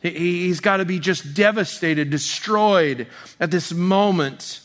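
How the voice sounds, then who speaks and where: Conversational preacher with a higher voice. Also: male voice. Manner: conversational, many restarts, drops soft and slow for tender lines. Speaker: pastor. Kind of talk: expository sermon.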